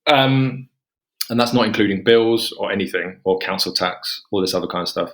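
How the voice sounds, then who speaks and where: Guy in his 40s from england rambling through a story on a podcast, lowish voice, keeps acting out what people said. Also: moderate pace. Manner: rambling, quotes himself and others in a lifted voice. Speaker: podcast guest. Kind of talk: casual storytelling.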